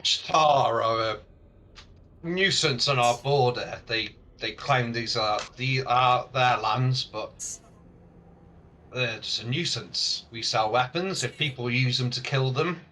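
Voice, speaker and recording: A man's voice: medium pitch, slow, pushed and bright, a little hiss or hum. A man voicing a flustered, defensive male dwarf chief.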